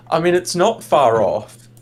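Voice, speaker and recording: A man in casual chat on a stream, joking, swearing and laughing often. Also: high-pitched.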